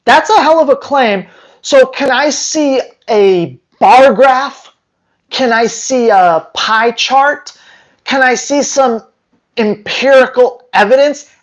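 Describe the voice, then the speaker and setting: A dog trainer with a very high voice rants casually to the camera, sharing his opinions with his viewers. His delivery is sarcastic, emphatic and rambling, and the recording is rough.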